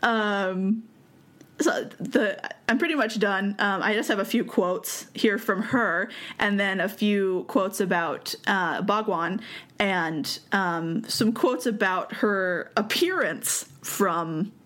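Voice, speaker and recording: A young woman talks through a story in a relaxed, chatty way. She laughs often and leans on fillers like "um" and "like" as she goes. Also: medium pitch, slow. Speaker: podcast host telling the story. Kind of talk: casual chat.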